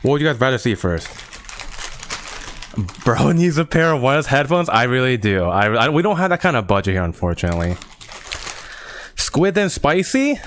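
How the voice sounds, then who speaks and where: A man's voice: medium pitch, big pitch swings, moderate pace, long pauses, fairly bright tone, a little hiss or hum. A young man streaming, chatting casually to his viewers while reviewing snacks at a table at home, rambling and playful.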